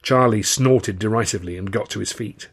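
A man, the author, reading his novel aloud in measured, dry first-person narration. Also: lowish voice, breathy edge.

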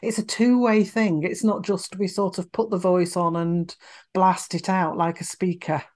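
A woman, a voice coach speaking as a guest in a conversational podcast interview, expressive and explanatory. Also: fairly low pitch, moderate pace. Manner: expressive, demonstrates vocal examples.

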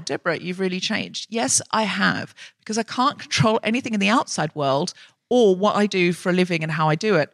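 Woman podcast host, chatty comic storyteller, mid pitch, dry close sound. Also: a bit bright, dry recording. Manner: chatty, self-mocking, storytelling. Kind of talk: casual comic chat. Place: live show on stage.

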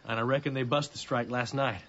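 An actor playing a beaten, hunted young farmhand on the run in a radio drama, weak and hurt, speaking in a low, blunt, tired rural drawl. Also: male voice, steady tone, fairly quick, a bit bright, close to an everyday voice. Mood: grim. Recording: slightly dull, with faint hiss.

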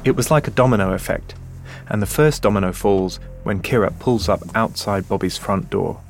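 Measured man narrating a documentary. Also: fairly low pitch, vocal fry, faint music behind. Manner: measured, deliberate storytelling. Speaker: podcast host and journalist.

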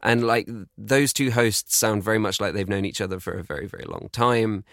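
A man's voice: fairly low pitch, vocal fry, a bit bright, no room sound, clean studio sound. A man, guest on a podcast, chatting in a joking, teasing way. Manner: joking, teasing, quick laughs. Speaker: podcast guest and co-host of his own show. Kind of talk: casual chat.

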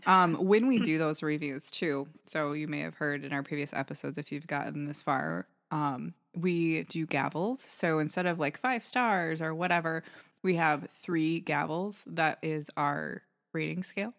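A woman co-hosting a podcast, explaining things in a brisk, organized way during casual chat. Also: sits low, fairly bright tone. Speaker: podcast co-host.

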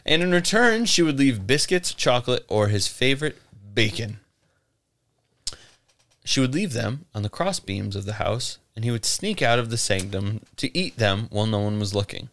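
A man's voice: mid-range voice, lively intonation, normal speed, a bit bright. Laughing man telling a story. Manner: laughs often, joking. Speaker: podcast co-host. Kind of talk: casual storytelling chat.

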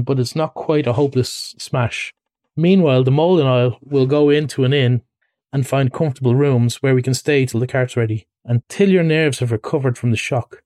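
A man's voice: medium pitch, no echo, studio quality, close to an everyday voice. A man reading a storybook aloud, voicing a stern, practical male water rat who speaks firmly and sharply. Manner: firm, sharp, exasperated.

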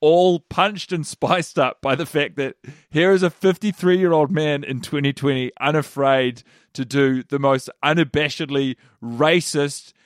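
A man's voice: a little high, a little slow, dry recording, clean studio sound. A man co-hosting a podcast, casually picking apart a comedy special and rambling with lots of filler words. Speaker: podcast co-host. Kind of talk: casual comedy review chat.

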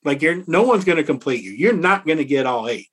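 A middle-aged man telling a personal story to an interviewer, reflective and earnest, slowing down to stress key words. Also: fairly high pitch, sing-song, fairly bright tone, slightly rough. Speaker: author and interview guest.

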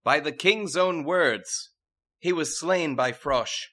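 A brash, rebellious teenage princess, as a man puts her on in a storytelling comedy, pitched high above his normal voice and loud. She proclaims grand decrees in a pompous, mock-regal manner, bright and forceful. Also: takes it slowly, exaggerated voice. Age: 14 (figure). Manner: pompous decrees, crude outbursts.

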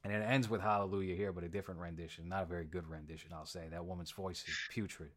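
A man's voice: deep voice, fairly even intonation, quick pace. A man hosting a casual movie review chat, opinionated and given to sarcastic asides. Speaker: podcast host.

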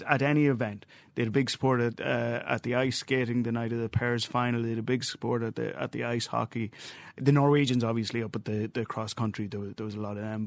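Irish guy telling a lively story, restarts a lot, dry close mic. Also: mid-range voice, dry recording. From Ireland. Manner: animated anecdote-telling with restarts and laughs. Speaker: journalist guest. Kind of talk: casual chat, storytelling.

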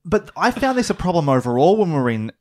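A man's voice: fairly high pitch, very animated, quick pace, a little mellow. A man co-hosting a podcast, thinking aloud in a rambling, casual way. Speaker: podcast co-host. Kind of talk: casual chat.

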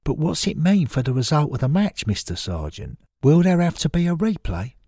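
A man voicing an excitable elderly football fan who shouts and pleads in high bursts. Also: normal speed, husky, no room sound, studio quality, exaggerated voice. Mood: excited.

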